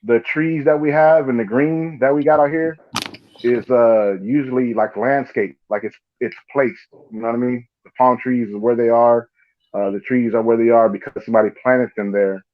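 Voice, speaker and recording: A man from Southern California hosts a casual live podcast, swearing freely and acting out voices as he tells stories. His voice sits at a middle pitch, and the audio is a little dull and lo-fi. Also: moderate pace. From Los Angeles area, Southern California. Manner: profane, animated storytelling with imitated voices. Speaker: podcast host. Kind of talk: casual live-stream chat.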